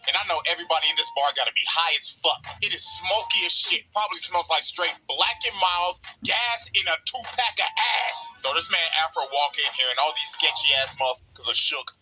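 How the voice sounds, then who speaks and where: A man tells an anime recap as a comedy bit, joking and swearing freely. His voice sits high and leaps all over the place. Music plays steadily underneath. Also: rough recording. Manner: animated, profane, joking. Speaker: reaction video host.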